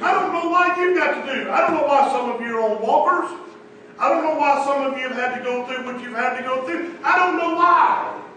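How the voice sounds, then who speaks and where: A man's voice: extremely high pitch, a little fast, sharp tone, very echoey, far from the mic, a little hiss or hum, rough recording. A man preaching a sermon in a folksy, emphatic way, often repeating his phrases, in a church meeting room.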